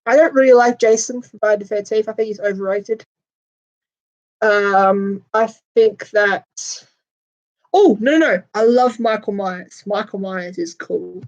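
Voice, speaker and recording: A woman's voice: mid-range voice, unhurried, a little mellow, muffled recording. A woman hosting a casual chat with viewers, talking in crude, sweary, giggly banter. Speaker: host chatting with viewers.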